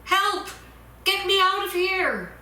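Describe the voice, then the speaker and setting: A woman's voice: high-pitched, sing-song, drawn-out words, pushed and bright, roomy sound, pitched above the performer's own voice, exaggerated voice. A woman voicing a frightened, fussy talking china teacup that shrieks its protests in a story told from the pulpit. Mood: panicked wailing.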